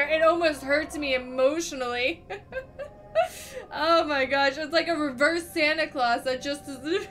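A young woman giving casual, profane let's-play commentary, reacting loudly and laughing at the game. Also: high voice, a little slow. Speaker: gaming streamer.

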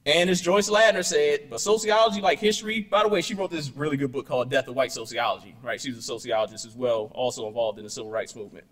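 A man's voice: medium pitch, quick pace, few pauses, a bit bright. A man giving a conference keynote, conversational, peppering his points with "right?" and rhetorical questions. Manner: conversational, tags "right?" and "you know" constantly; storytelling with punchy asides and rhetorical questions. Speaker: keynote speaker. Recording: hall reverb.

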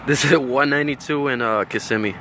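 A man telling a story in a casual, profane, animated vlog, talking outdoors with faint traffic behind him. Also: mid-range voice, fast. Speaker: vlogger.

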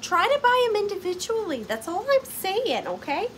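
Young woman, vintage seller, bubbly and playful, high and swooping. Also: very animated, moderate pace, a bit bright, slight background noise. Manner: bubbly and playful, talks to her items. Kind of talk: casual live sale chat.

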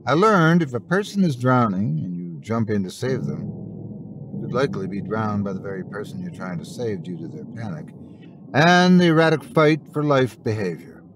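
A man's voice: on the low side, very animated, normal speed. Man putting on a blunt teenage girl. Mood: wary. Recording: noisy recording.

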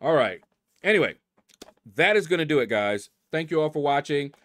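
A man's voice: a little high, animated, normal speed, fairly bright tone. A middle-aged man hosting a gaming channel, casually reading out leaderboard names and musing aloud as he stumbles over them.

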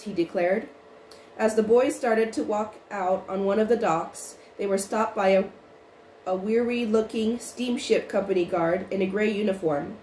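A woman narrating a storybook chapter in an even, unhurried reading voice with small restarts. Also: mid-range voice. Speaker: audiobook reader. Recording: roomy with faint noise.

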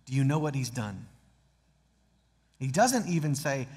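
A man's voice: medium pitch, moderate pace, a little mellow, long reverb tail. A man preaching a sermon as pastor, earnest, reading scripture aloud with dramatic emphasis. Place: church sanctuary.

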